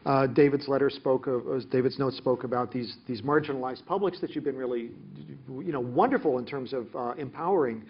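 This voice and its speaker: Husky man asking halting questions. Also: mid-range voice, highs cut off. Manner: halting, searching for words. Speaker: interviewer. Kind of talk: interview questions.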